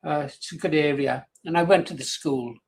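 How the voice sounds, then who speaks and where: An older man hosts a radio show in a loose, wandering chat and chuckles often between his thoughts. His voice sits a little higher than most men's. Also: normal speed, creaky. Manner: rambling, anecdotal, chuckling. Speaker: radio presenter.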